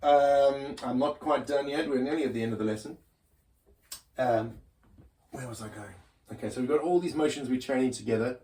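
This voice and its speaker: A man gives a relaxed drum lesson in a mid-range voice at a moderate pace, leaving long pauses. He's loose and pokes fun at himself, often starting sentences over. Loud drums and music play behind him as a kit is being played.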